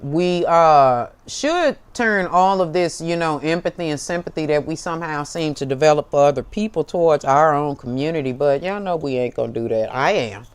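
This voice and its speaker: A woman's voice: low-pitched, normal speed, hardly any pauses, clean tone. Fiery, profane American woman preaching. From United States. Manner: fiery, profane, preachy, calls listeners baby. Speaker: tarot show host. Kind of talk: impassioned direct-to-camera monologue.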